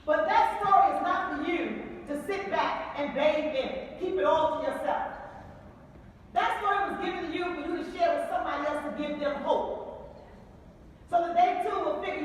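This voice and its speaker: High-voiced Southern woman in an echoey hall. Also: moderate pace, recorded from a distance, a little hiss or hum. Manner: preachy, call-and-response, repeats phrases for emphasis. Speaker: sales trainer. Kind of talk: motivational sales talk to an audience. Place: large hall with an audience.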